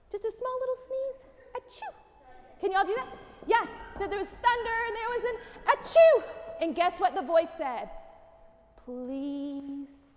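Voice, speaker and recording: Woman pastor, very high voice, slow unhurried pace, animated and coaxing, children's sermon, long church reverb. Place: church sanctuary.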